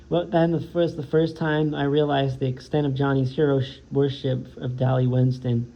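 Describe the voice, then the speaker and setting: A man, a teacher, reading a novel aloud in a steady way, often stumbling and correcting himself. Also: mid-range voice, moderate pace, vocal fry, few pauses. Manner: steady read-aloud with frequent slips and self-corrections. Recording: dull lo-fi home recording with faint noise.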